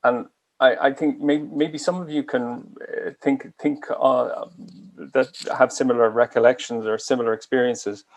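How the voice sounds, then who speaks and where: Gravelly-voiced Irish man lecturing slowly. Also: mid-range voice, steady tone. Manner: deliberately slow and careful delivery. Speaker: guest lecturer. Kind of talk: online medical lecture. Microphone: video call.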